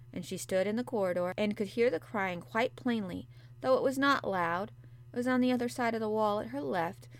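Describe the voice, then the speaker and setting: A woman narrating a classic storybook in a measured, gentle, unhurried way. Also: medium pitch. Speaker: audiobook narrator. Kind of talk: storybook reading.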